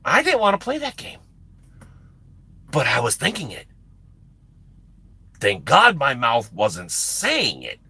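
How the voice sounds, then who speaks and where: Animated, swearing American trucker streamer. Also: male voice, medium pitch, slow, vocal fry, long pauses, husky, no room sound. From United States. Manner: animated, profane, laughing often. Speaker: live-stream host and truck driver. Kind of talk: casual storytelling on a live stream.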